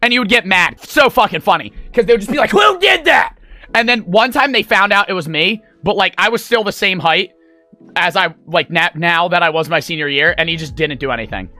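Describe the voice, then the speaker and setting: A man's voice: high-pitched, fairly quick, pushed and bright, no echo, soft background music. A young man streaming, telling a rambling, profane story to his chat. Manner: rambling, profane, full of fillers.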